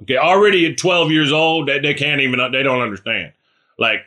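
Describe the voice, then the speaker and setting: A man preaching a relaxed, conversational sermon. He keeps checking in with the congregation and calls on listeners by name. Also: medium pitch, a little fast. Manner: chatty, asks listeners questions by name; animated, acts out scripture characters. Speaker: pastor.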